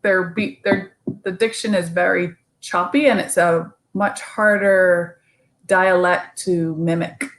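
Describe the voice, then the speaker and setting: A woman's voice: on the low side, steady tone, slow pace, a bit bright, poor audio. A woman from Barbados with a Barbadian accent, a guest chatting casually and explaining things with spoken examples. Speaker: guest, former Olympic swimmer. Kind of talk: casual chat.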